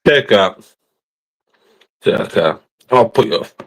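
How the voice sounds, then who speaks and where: A man's voice: lowish voice, expressive, slow pace, fairly bright tone, poor audio. A man with a Cumbrian accent hosting a livestream, ranting confrontationally and ending phrases with a challenging "right?". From northern England. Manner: confrontational, repeats "right?" constantly. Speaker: livestream host. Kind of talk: heated livestream rant.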